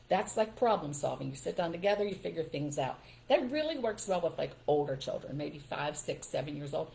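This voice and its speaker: An older woman hosting a live stream, giving parenting advice in a relaxed, emphatic way and acting out what to say to children. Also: mid-range voice, gravelly. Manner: emphatic and instructive, acts out what parents should say.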